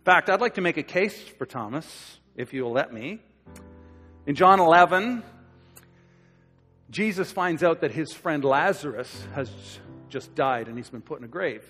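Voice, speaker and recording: A man preaching a sermon in a relaxed, conversational way, acting out quoted voices as he tells the story. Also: on the high side, normal speed, breathy edge, faint music behind. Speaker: pastor. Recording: long hall reverb.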